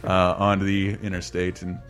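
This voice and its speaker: A man in his thirties casually telling a long personal story on a podcast, animated and laughing, acting out quotes in a high voice. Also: normal speed, soft background music. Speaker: podcast co-host.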